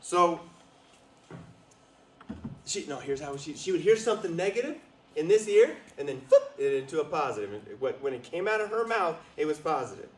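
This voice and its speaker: A man giving a lively storytelling talk as a motivational speaker, drawing answers from a small live audience. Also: a little high, moderate pace, echoey room, far from the mic, low-quality recording. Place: retreat meeting room with a small audience.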